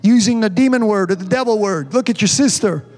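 High-voiced fervent male preacher. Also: a little fast, darkish tone, soft background music. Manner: fervent, repeats amen and hallelujah; calls for congregation responses. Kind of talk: sermon.

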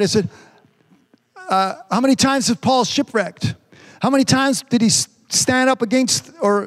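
Male preacher, very high voice, emphatic delivery studded with hallelujahs. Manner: emphatic, repeats phrases, frequent hallelujahs; stretches words out slowly for emphasis. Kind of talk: sermon.

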